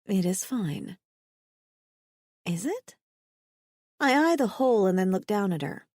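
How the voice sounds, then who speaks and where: A woman narrating a romance audiobook in first person, expressive, lifting her voice for the heroine's dialogue. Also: mid-range voice, moderate pace, no echo, studio quality.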